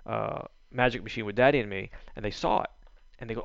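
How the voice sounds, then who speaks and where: A man's voice: lowish voice, fast, creaky, dry recording, muffled recording. A man, a magician, chatting casually in an interview and acting out the voices of people in his stories. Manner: animated storyteller acting out quoted voices.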